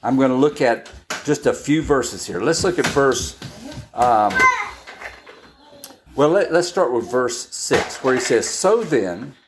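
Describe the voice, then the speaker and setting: A woman with a very deep voice teaches scripture in an easygoing, conversational way, pausing and restarting as she explains. She keeps checking that her listeners follow along. Dishes clatter and clicks sound clearly behind her. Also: very noisy. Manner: checks in often with "all right?"; unhurried, with pauses and restarts. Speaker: Bible teacher. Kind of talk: conversational Bible-study sermon.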